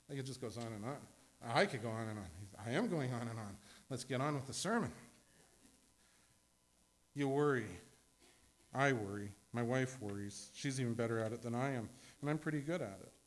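A middle-aged male pastor preaching a sermon in a conversational way, with asides and quick self-corrections. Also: medium pitch.

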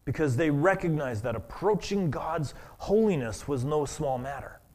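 A man preaching a sermon as pastor, earnest and halting, often restarting his words. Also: on the high side, lively intonation, a little mellow.

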